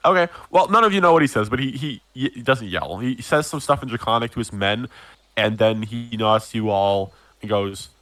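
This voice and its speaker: A man's voice: mid-range voice, normal speed, fairly bright tone, no echo. A young man narrating as game master of a tabletop game, casual and chatty. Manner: laughing, casual narration with many fillers.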